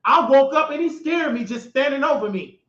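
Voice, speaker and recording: A man hosting his show, telling a story in an emphatic, repetitive way that bursts into shouting. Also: extremely high pitch, expressive, fairly quick. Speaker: host. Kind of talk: animated storytelling monologue. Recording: echoey, dull lo-fi recording.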